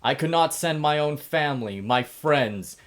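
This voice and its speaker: A man's voice: fairly high pitch, expressive, measured pace, a bit bright, voice pushed up. A man voicing a commanding male military leader giving a rousing public speech. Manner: rousing, oratorical.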